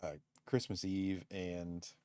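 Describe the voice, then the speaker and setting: Guy with a really low voice just shooting the breeze on a stream, laughs a lot, dry sound. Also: monotone, slow pace, dark tone, smooth, dry recording. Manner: easygoing, laughs often, rambling with restarts. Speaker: podcast co-host. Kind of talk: casual chat on a live stream.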